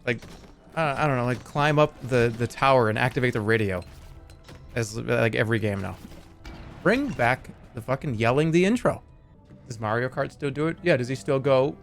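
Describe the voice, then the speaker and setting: Male streamer, mid-pitched, loose joking ramble over soft game music. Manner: rambling, joking, reading chat aloud. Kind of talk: casual live-stream chat. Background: faint game music.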